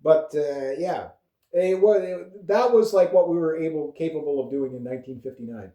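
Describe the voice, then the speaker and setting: Canadian male vlogger, mellow voice sitting a touch high, rambles and swears, roomy echo. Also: moderate pace. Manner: rambling, profane, with frequent fillers and chuckles. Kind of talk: casual political rant. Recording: echoey room.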